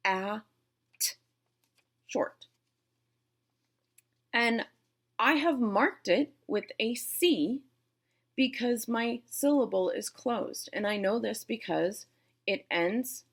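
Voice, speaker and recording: Her voice rides on the high side with a breathy edge as this Boston-accented teacher walks through syllable types step by step. She's from Boston, USA, and keeps the lesson playful, addressing viewers head-on.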